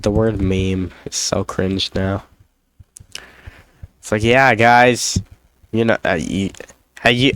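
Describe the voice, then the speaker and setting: A man's voice: fairly low pitch, no echo. A young man chatting in a rambling, self-deprecating vlog, drifting off into jokey asides. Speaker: YouTuber. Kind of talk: rambling solo vlog chat.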